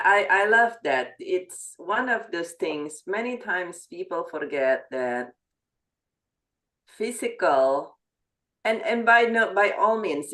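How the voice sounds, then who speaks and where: A woman talk-show guest giving relationship advice in a measured, thoughtful way, often repeating words as she thinks. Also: on the low side, fairly bright tone. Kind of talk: casual advice chat.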